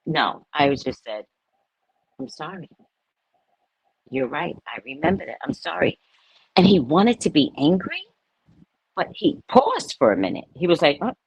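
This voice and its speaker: Woman, fifties, low husky voice, lively swings in pitch, blunt candid storytelling, dry close sound. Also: moderate pace, dry recording, poor audio. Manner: blunt, animated storytelling with frank swearing. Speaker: spiritual talk host. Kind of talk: candid spiritual monologue.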